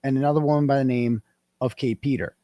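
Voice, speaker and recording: A man, a guest in an interview, telling a story in a casual, animated way and acting out the quoted dialogue. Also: medium pitch, quick pace, no echo, lo-fi sound.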